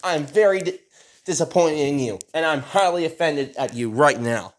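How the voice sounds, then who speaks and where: A man's voice: on the high side, normal speed, lightly acted. Angry cartoon sponge, as a man puts him on. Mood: scolding. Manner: scolding, indignant. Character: crying, furious cartoon sea sponge.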